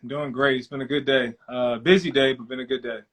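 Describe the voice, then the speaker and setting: A man from New Orleans joins a casual live-stream interview as a guest. He talks in a relaxed, hesitant way with many fillers. His voice comes through a laptop mic. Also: medium pitch, a little fast. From New Orleans, USA. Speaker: guest, prosecutor.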